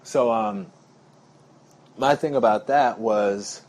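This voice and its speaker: A man's voice: fairly low pitch, takes it slowly, darkish tone. A man talking casually to his viewers in a rambling, chatty monologue, calling them y'all. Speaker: vlogger.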